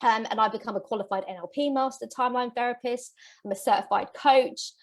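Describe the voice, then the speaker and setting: A woman's voice: on the high side, quick pace. A woman business coach giving an earnest, motivational masterclass, getting emotional as she talks. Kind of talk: live masterclass presentation.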